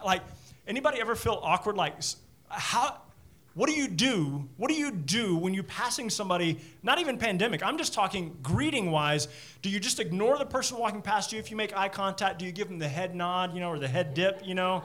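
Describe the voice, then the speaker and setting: Man, pastor, sermon, middle-aged, fairly high voice, chatty, self-deprecating, animated. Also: a little fast. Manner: self-deprecating, chatty, repeats words when starting sentences.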